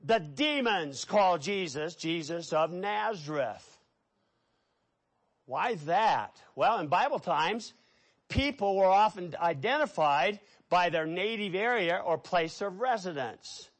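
A middle-aged man preaching a sermon, telling stories with lively, animated delivery. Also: high voice, takes it slowly. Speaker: pastor.

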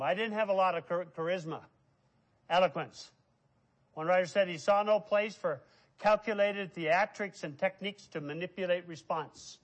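A middle-aged man preaching a sermon, emphatic and loud on key words. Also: fairly high pitch, normal speed. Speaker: pastor.

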